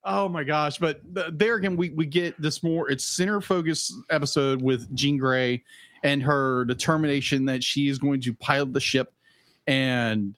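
A man's voice: medium pitch, moderate pace, a bit bright, no echo. A man co-hosting a podcast in casual chat, easygoing, often repeating himself. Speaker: podcast co-host.

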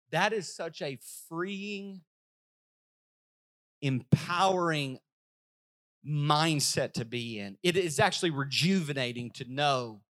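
A male pastor preaching a sermon with emphatic delivery, repeating phrases and swinging from loud, raised lines to soft, quiet ones. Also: a little high. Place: church service.

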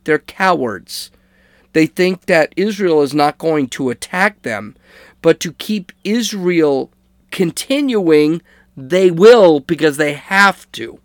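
A man's voice: a little high, no room sound, clean studio sound. A man giving casual spoken commentary on current events, conversational, checking in with listeners with "okay?" and correcting himself as he goes. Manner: conversational, fillers and restarts, asks "okay?" to listeners. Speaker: political commentator.

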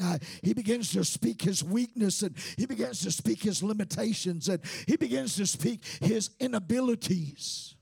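Man preaching, very high voice, husky, fervent shouting cadence, dry close sound. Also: normal speed, few pauses, no echo. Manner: fervent, shouting, sing-song cadence with frequent "uh". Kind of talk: sermon.

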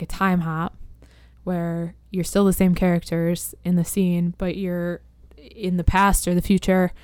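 Woman podcast guest, chatty storyteller, crisp voice, dry sound. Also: on the low side, a little mellow, no room sound. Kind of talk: casual chat.

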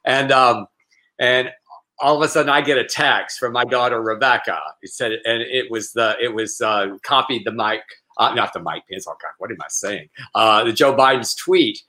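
A man co-hosting a casual comedic talk show, telling stories in a rambling, halting way with frequent laughter. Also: mid-range voice, pushed and bright. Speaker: co-host.

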